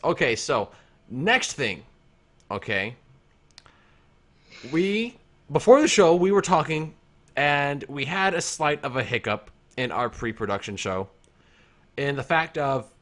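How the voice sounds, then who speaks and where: A man's voice: mid-range voice, very animated, unhurried, pauses often, a bit bright. A man co-hosting a comedic webcam stream, reading viewer messages aloud and giggling along. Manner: giggly, reads chat messages aloud, directs his co-host. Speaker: co-host reading viewer chat. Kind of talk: casual comedic stream chat.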